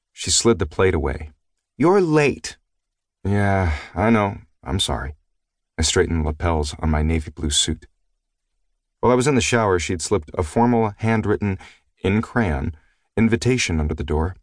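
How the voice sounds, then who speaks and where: A man with a very low voice reads a first-person audiobook, wry and fond in his telling. The sound is dry and close, with no room in it. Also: no echo. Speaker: audiobook narrator.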